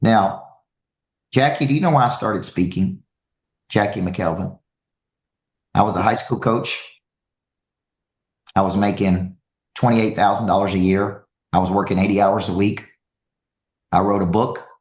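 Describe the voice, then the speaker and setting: A man giving a motivational talk to an audience as a coach, telling stories with lively energy and repeating phrases for emphasis. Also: on the low side, measured pace, long pauses, echoey room.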